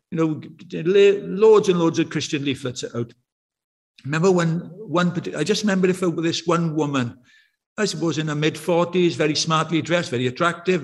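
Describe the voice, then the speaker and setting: A man preaches in a church with a slightly high voice, chatty and anecdotal. He keeps turning to his listeners with rhetorical questions. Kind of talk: sermon.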